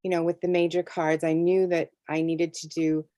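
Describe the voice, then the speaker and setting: A woman's voice: fairly low pitch, little pitch movement, normal speed, dark tone, dry recording. A middle-aged woman, a tarot artist, telling a story in a casual interview and acting out her own reactions. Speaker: tarot deck artist and guest.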